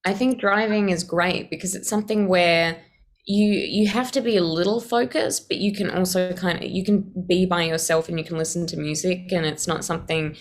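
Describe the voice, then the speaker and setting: A young Australian woman with a fairly low voice answers interview questions. She speaks casually and thoughtfully and often restarts her sentences while she thinks. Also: steady tone, normal speed. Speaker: actress guest.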